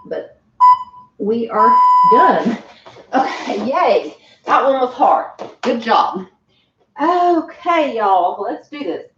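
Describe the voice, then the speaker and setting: A woman's voice: fairly high pitch, animated, extremely slow, pauses often, very noisy. A woman leading a home workout class, chatty and encouraging, out of breath. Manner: encouraging, chatty, laughs often. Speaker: fitness instructor. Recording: roomy, distant, dull home recording.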